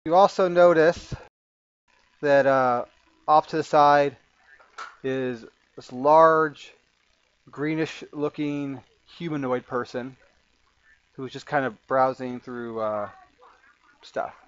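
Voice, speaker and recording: A man narrating as game master of a tabletop game, halting and full of fillers. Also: medium pitch, clear, resonant tone, highs cut off. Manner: halting, with many fillers and restarts.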